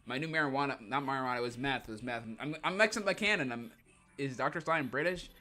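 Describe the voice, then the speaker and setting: Joking young male streamer, bright voice. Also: medium pitch, fast talker. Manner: rambling, joking, laughs often. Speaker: streamer reading comics. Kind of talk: casual livestream commentary.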